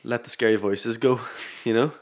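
A Northern Irish man chats on a podcast at an ordinary middle pitch. He swears freely and laughs often. He keeps teasing his co-host in loose, joking banter. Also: fairly even intonation, normal speed. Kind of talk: casual chat.

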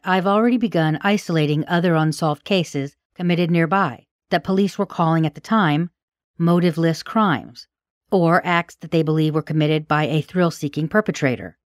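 A middle-aged woman narrates a true-crime podcast in a low voice, steady and analytical as she weighs the evidence and offers her own view. The sound is dry and close, with no room around her. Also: no room sound. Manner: measured, analytical, sharing personal opinions. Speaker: podcast host and case researcher.

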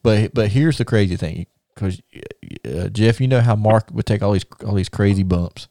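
A man's voice: fairly low pitch, normal speed, dark tone, dry recording, clean studio sound. A man hosting a podcast, telling stories casually in a rambling way, repeating words and laughing at his own tales. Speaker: podcast host and wrestling promoter. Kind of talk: casual storytelling.

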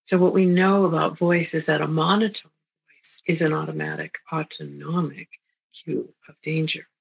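A middle-aged woman lectures as a therapist, her voice gravelly with a breathy, husky edge. She speaks gently and unhurriedly, repeating herself and checking in with her listeners as she goes. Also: low-pitched, little pitch movement, normal speed, poor audio. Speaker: therapist teaching a psychology talk. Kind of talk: recorded lecture.

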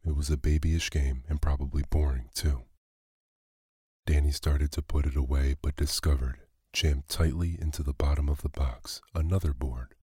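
A man reads a children's story aloud in a calm, unhurried bedtime manner. His voice is extremely low and dark with a husky, breathy grain, and the recording is dry and close. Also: dry recording. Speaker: narrator.

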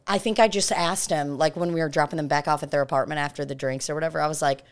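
Low-voiced woman, animated storyteller. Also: fast talker. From Belarus. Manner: animated, swears freely, acts out voices in anecdotes. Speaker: podcast co-host. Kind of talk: casual chat.

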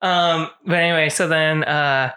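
Bright-voiced, rambling podcast storyteller. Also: medium pitch, steady tone, a little slow. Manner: rambling, filler-heavy storytelling that breaks into character voices. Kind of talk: casual chat, retelling a movie plot.

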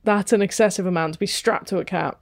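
A woman's voice: mid-range voice, quick pace, vocal fry, dry recording, clean studio sound. A woman co-hosting a podcast, reading out a story in a playful way. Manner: playful, laughs often, reads stories aloud. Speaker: podcast co-host. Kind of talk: casual storytelling chat.

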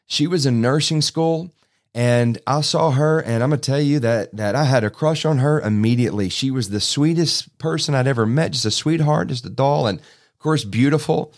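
A man's voice: medium pitch, moderate pace. A middle-aged man, preaching as a pastor, telling a personal story in a folksy, self-deprecating way. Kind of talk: sermon storytelling.

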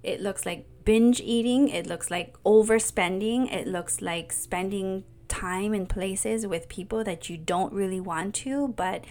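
A middle-aged woman mentor speaking in an earnest, soft-spoken personal monologue, often dropping to a whisper. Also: medium pitch, a little slow, hardly any pauses. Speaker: mentor and coach.

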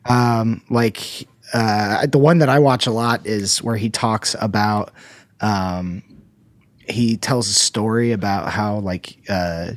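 A man in casual conversation, talking hesitantly, often pausing and restarting his sentences. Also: on the low side, no room sound. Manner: hesitant, many fillers and restarts. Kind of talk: casual chat.

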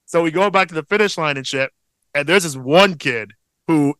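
Podcast co-host, man in his thirties, swears freely, bright, lively delivery, close dry mic. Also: a little high, moderate pace, clear, resonant tone, no echo. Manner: profane, excitable, proud storytelling. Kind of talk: casual chat.

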